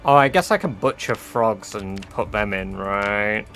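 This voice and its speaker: Bright-voiced streamer, laid-back. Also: male voice, on the low side, a little slow, faint music behind. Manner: relaxed, reads chat aloud, swears offhandedly. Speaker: game streamer. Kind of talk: casual livestream chat while gaming.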